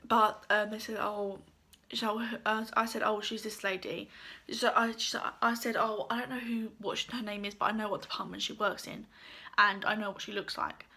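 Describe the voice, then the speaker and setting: A young woman vlogger telling a casual storytime, chatty with lots of fillers, her voice a bit croaky. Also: medium pitch, steady tone, moderate pace, pushed and bright. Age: young adult.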